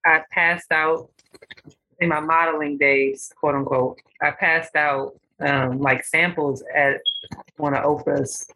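Bright, husky-voiced woman telling stories. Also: sits low, slow pace, poor audio. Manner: animated storyteller, acts out voices in her stories. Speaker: guest. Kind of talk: casual podcast chat, storytelling.

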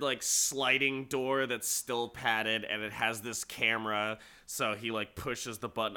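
Bright-voiced man recapping a movie. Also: medium pitch, clear, resonant tone. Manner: animated storytelling, frequent laughs and fillers. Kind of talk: casual movie plot recap.

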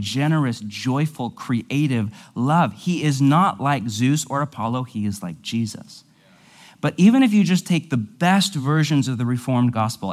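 Man teaching a conversational sermon. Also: mid-range voice. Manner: conversational, explanatory, with asides. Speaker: pastor.

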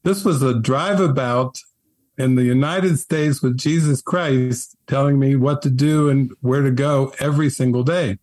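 Gentle, articulate man, dry close sound. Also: medium pitch, steady tone, unhurried, no room sound. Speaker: spiritual teacher, guest. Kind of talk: relaxed spiritual storytelling.

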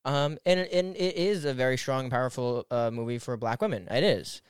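A man's voice: medium pitch, normal speed, smooth, dry recording, clean studio sound. A young man co-hosting a casual movie podcast, blunt and profane in his teasing. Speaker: podcast co-host. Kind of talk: casual movie review chat.

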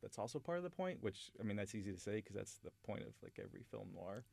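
A man with a lowish voice hosts a casual film chat, rambling and enthusiastic and often restarting his sentences. The sound is dry and close, with no room around it. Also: sing-song, fast, vocal fry, darkish tone, no room sound. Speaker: podcast host.

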